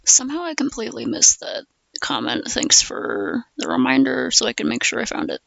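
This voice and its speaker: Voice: medium pitch, wildly swooping pitch, brisk, gravelly, fairly bright tone, dry recording, lo-fi sound. A streamer chatting casually with viewers while crafting, swearing freely and often dropping into murmurs and whispers.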